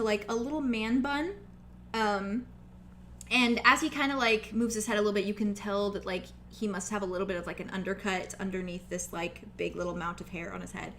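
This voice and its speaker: A woman's voice: mid-range voice, fairly bright tone, slight background noise. A woman running a tabletop game as game master, narrating casually with lots of fillers, over a video call.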